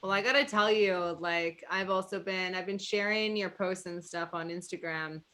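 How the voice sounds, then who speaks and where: A woman hosting a casual podcast chat, her voice bright and forward. She talks in an animated way and slips into little acted-out quotes of what she and others said. The odd swear word comes out easily. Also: on the low side, normal speed. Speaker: podcast host.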